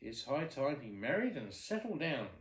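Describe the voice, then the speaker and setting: Brief: dad playing a blustering old storybook king, lively lilt, echoey room. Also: medium pitch, moderate pace, natural voice. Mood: impatient.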